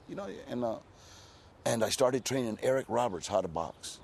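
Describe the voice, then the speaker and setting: A man's voice: mid-range voice, animated, normal speed, gravelly, a little mellow. A man in his sixties from California, telling stories in a casual interview with a laid-back, streetwise manner, dropping in plenty of "you know.". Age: 60s. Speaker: interview guest.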